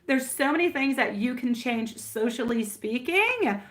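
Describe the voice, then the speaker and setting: A woman's voice: a little high, animated, measured pace. A woman reading tarot on a live stream in casual chat, affectionate and laughing often, calling viewers my love and sweetie pie.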